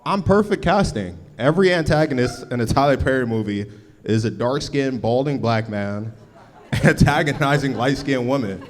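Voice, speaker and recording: A man's voice: medium pitch, moderate pace. A man from Los Angeles doing a stand-up comedy set before a live audience, with a laid-back, punchy delivery and slangy asides.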